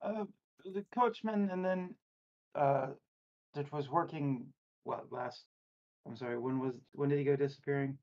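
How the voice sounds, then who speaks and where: A man's voice: medium pitch, a little slow, darkish tone. Man, tabletop player, hesitant, self-correcting, muffled lo-fi mic. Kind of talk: casual tabletop play.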